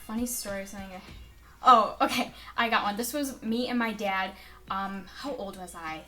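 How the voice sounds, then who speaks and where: A woman's voice: medium pitch, normal speed, pushed and bright, faint music behind. Chatty young woman vlogging. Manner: rambling, filler-heavy storytelling with frequent "like" and "um". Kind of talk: casual chat to camera.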